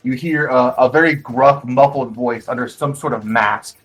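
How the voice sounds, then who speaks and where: A husky-voiced man runs a tabletop game, describing the scene in a loose, rambling way full of fillers and restarts. Faint music plays underneath his narration. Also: mid-range voice, normal speed, fairly bright tone, poor audio. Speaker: game master.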